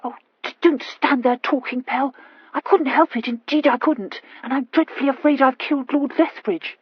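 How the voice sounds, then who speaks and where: A woman's voice: moderate pace, breathy edge, dry recording, dull audio. Woman doing a stammering flustered young lady. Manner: stammering, high-strung, urgent.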